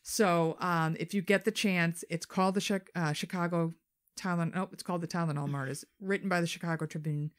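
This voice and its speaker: A woman co-hosting a podcast, telling a true-crime story in casual chat, animated and swearing freely. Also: fairly low pitch, a little fast. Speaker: podcast co-host.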